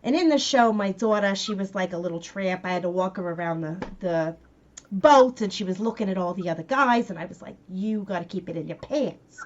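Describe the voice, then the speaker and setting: A woman who acts, chatting in an animated, scattered way on a panel. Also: medium pitch, fairly quick, highs cut off, a little hiss or hum. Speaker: actress guest on a panel. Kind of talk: casual panel chat.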